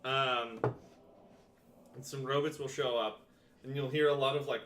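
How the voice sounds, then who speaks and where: A man's voice: medium pitch, steady tone, unhurried, fairly bright tone, roomy sound, slight background noise. A man running a tabletop game as game master, narrating loosely with lots of fillers and casual cursing.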